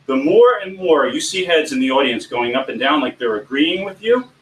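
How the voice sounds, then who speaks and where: A man coaching people on giving presentations in an informal teaching talk, animated and often swinging his voice up and down. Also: a little high, normal speed. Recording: echoey room, distant mic, faint background hum.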